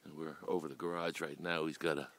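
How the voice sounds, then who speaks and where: Deep-voiced man filming outdoors. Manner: relaxed, admiring, halting restarts. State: a little out of breath. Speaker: home video narrator. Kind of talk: casual home video narration. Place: outdoors on a country property.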